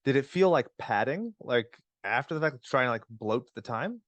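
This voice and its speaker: A man's voice: medium pitch, animated, normal speed, no echo, lo-fi sound. A man in casual podcast chat as a guest, with a nasal voice and dry, wry humor.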